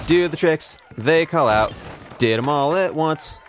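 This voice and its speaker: A man's voice: fairly high pitch, lively intonation, measured pace, some chatter behind, slight background noise. A young man giving sarcastic, profane, self-mocking commentary while playing a video game. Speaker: let's play host. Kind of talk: casual gameplay commentary.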